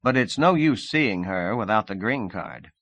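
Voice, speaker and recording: A smooth, confident male agent talks in a brisk, persuasive way, as a man reads him. His voice is fairly low and dry, with no room around it. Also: expressive, fairly bright tone, dry recording, exaggerated voice. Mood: coaxing. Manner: brisk, assured, coaxing.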